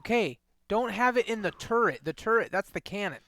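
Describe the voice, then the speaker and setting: A man's voice: sits high, animated, fairly quick, sharp tone, no echo. A man in casual, profane podcast chat, blunt and opinionated, often restarting his sentences.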